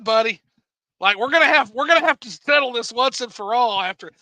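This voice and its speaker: A man hosting a casual livestream, reading chat aloud, animated and swearing freely. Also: very high-pitched, fairly quick, dry recording, rough recording.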